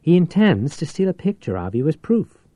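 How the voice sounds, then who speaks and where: A man voicing a fussy male social secretary who lisps and speaks in a discreet, formal hush. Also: a little high, big pitch swings, normal speed, no room sound, pitched above the performer's own voice. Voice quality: lisp, hushed whisper.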